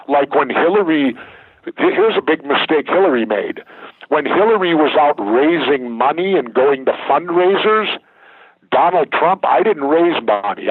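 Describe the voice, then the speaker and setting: A man's voice: mid-range voice, breathy edge, no room sound. An older man, a guest in a political interview, talking bluntly and with emphasis over a phone line. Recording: tinny dry phone line.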